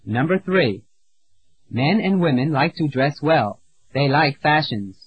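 A man teaching an English lesson, reading out words and example sentences slowly and clearly, pausing for the learner to repeat. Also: fairly high pitch, animated. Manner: slow, clear, deliberate drilling with pauses. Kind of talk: scripted language lesson narration. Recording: dull dry lo-fi audio.

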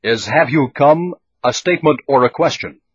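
A man giving measured, scripted instructions and questions for a language drill. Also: medium pitch, expressive, slightly rough, no echo. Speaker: lesson prompter. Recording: dull lo-fi old tape recording.

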